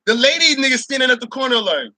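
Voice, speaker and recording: Male host, high and sharp-toned, profane laughing rant, dry mic. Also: sing-song, fast, no echo. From Barbados. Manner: loud, profane, laughing, mocks others in shouted voices. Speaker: show host. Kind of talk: ranting opinion monologue.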